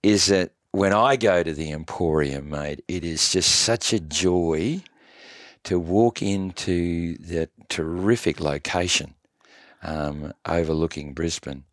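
Effusive Australian podcast host. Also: male voice, low voice, dry recording, studio quality. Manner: matey, effusive, says mate a lot. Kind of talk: casual interview chat.

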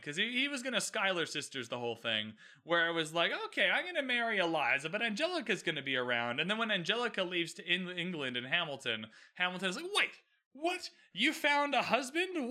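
A man giving a casual, animated recap of a TV episode, laughing often and acting out the characters' lines. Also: fairly high pitch. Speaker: show recap vlogger.

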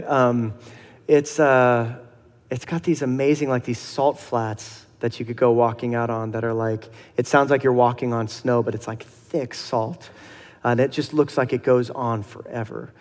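A middle-aged man preaching a sermon in a relaxed, conversational way, acting out dialogue and laughing softly now and then. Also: mid-range voice, normal speed, in a large hall. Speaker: pastor.

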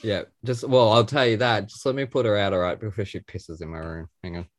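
An excitable, theatrical man hosting a chat, sometimes rattling off a long tongue-twisting introduction. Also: on the low side, fairly quick, no echo. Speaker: podcast host. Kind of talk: casual chat and rapid scripted intro.

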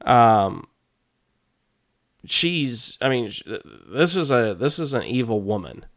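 A middle-aged man co-hosting a podcast in casual chat, hesitant and filling pauses with ums. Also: medium pitch, sing-song. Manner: unhurried, hesitant, many fillers. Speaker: podcast co-host.

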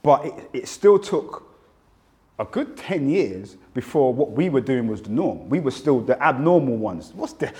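A man in his fifties from England, with a London accent, speaks a little slowly in a mid-range voice. Being interviewed as a rapper, he reflects on his music career, telling stories animatedly and acting out what people said.

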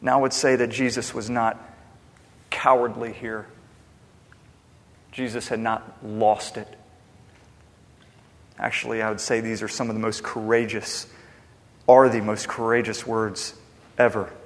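A man preaching a sermon with passion, swinging between loud emphasis and hushed, quiet lines. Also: on the low side, flat delivery, a little slow, pauses often. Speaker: pastor. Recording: long hall reverb.

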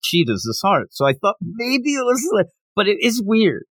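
A man hosting a podcast, chatting casually about a manga chapter and acting out the characters' lines in quick bursts. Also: high voice, very animated, fairly bright tone, no echo. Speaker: podcast host.

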